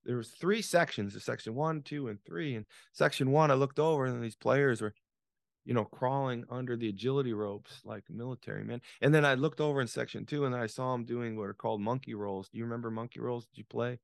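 A gravelly-voiced man in his sixties, an author and business coach, is a guest on a podcast. He tells a story dramatically at a fairly quick pace and medium pitch, restarting often and repeating words, all captured in studio quality with no room sound.

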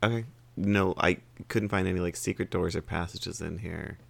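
A man's voice: deep voice, steady tone, normal speed, gravelly, a bit bright. A man playing a tabletop game, talking casually in rambling asides and swearing now and then. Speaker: player.

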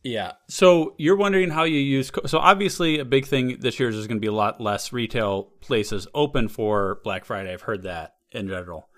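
A man's voice: medium pitch, moderate pace, hardly any pauses, fairly bright tone. Laid-back joking podcast guy. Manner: playful, laughs often, riffs on bits. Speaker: podcast co-host. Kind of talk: casual comedic chat.

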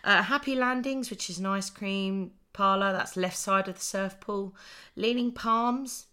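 A woman's voice: medium pitch, a little slow, sharp tone, smooth. A woman co-hosting a podcast in casual chat, talking freely with many ums and restarts. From United Kingdom. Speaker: podcast co-host.

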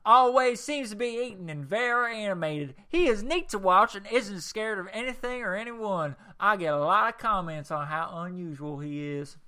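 An exaggerated Texan fish-keeper gushes in a thick Texas drawl, as a man puts it on. The voice is pitched up, bright and loud, hammed up for laughs. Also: normal speed, few pauses, smooth. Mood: enthusiastic. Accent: Texas (put on).

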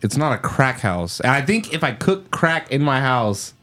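A man's voice: medium pitch, big pitch swings, normal speed, a bit bright. A young man co-hosting a podcast, talking crudely and casually, joking and laughing often. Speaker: podcast co-host. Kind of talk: casual chat.

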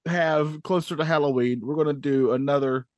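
A man's voice: a little high, steady tone, normal speed, dry recording, muffled recording. A man co-hosting a podcast in casual chat, teasing and laughing often. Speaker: podcast co-host.

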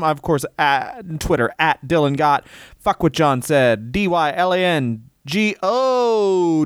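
A young adult man co-hosting a casual podcast, joking and swearing a lot in an excitable way. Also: fairly high pitch, clean tone, dry recording, clean studio sound. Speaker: podcast co-host, comedian.

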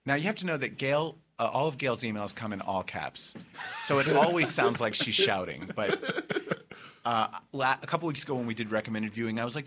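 A man's voice: mid-range voice, expressive, brisk, fairly bright tone, slight background noise. A man in his fifties hosting a comedy podcast, chatting in a playful, campy way and cracking jokes. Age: 50s. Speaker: podcast host. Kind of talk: casual comedy podcast chat.

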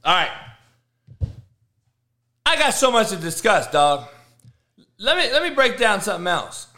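A man's voice: high voice, sing-song, measured pace. A middle-aged man, a football coach hosting a live show, ranting about sports in heated, profane bursts. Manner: profane, heated, shouting rants. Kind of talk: live motivational sports rant.

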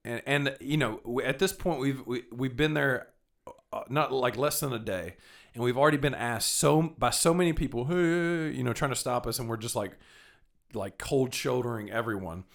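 A man's voice: mid-range voice, normal speed, gravelly. A young man with a rambling, casual way of telling travel stories, restarting his sentences and cursing now and then. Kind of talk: casual storytelling chat.

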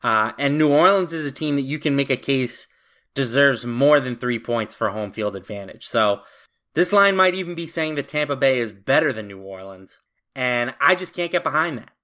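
Bright-voiced male betting podcast host. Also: mid-range voice, lively intonation. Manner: confident, brisk picks talk with casual fillers. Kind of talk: sports betting podcast chat.

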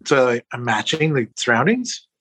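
A man playing a tabletop game, speaking softly and hesitantly in character. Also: medium pitch, big pitch swings. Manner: soft-spoken, hesitant, slow. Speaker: player. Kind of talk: tabletop role-play.

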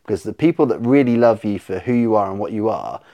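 A man, a podcast guest telling animated stories in casual chat, swearing freely and acting out his own reactions. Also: fairly low pitch, fast talker, lo-fi sound.

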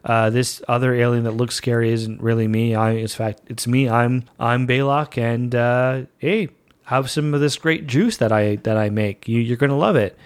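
A man's voice: mid-range voice, steady tone, normal speed, natural voice. A sheepish, friendly male alien from a space show stammers casually as he offers hospitality, as a podcast host puts him on. The voice stays close to the host's own mid-range tone.

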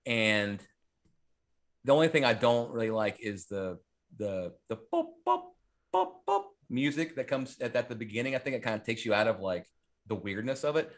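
A man's voice: fairly low pitch, moderate pace. A man hosting a podcast, chatting casually about a horror movie in a rambling, profane way with lots of fillers. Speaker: podcast host.

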